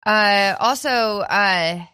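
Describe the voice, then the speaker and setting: A woman's voice: medium pitch, extremely slow, pushed and bright, clean tone, dry recording, studio quality. A woman co-hosting a community radio crime show, a bit congested from a cold, telling stories in a bubbly, casual way. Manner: bubbly storyteller, acts out quotes. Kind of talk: casual chat.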